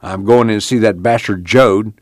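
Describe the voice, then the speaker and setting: A man's voice: on the low side, fairly even intonation, normal speed, dry recording, clean studio sound, voice pushed up, close to an everyday voice. A man voicing an angry, belligerent grown farmer in an audiobook reading. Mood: furious. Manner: shouting, belligerent.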